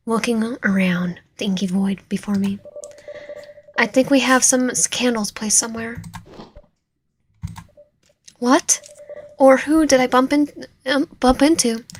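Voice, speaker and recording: A woman streaming a visual novel, reading its narration and dialogue aloud with lively reactions, now and then dropping to a whisper. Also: fairly high pitch, a little hiss or hum. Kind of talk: reading game text aloud while playing.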